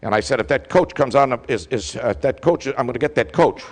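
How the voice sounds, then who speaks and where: An older man, a former football official, telling an animated story as a speaker, acting out the calls he shouted. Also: mid-range voice, fairly quick. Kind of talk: storytelling speech. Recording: long hall reverb.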